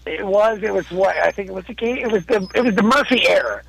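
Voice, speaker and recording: Man, high-pitched, gravelly, profane storyteller, dry sound. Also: fast talker, fairly bright tone, no echo, low-quality recording. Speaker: caller. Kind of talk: casual chat. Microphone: phone call.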